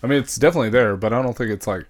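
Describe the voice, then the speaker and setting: A man co-hosting a casual podcast, adding dry, quick joking asides. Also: mid-range voice. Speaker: podcast co-host.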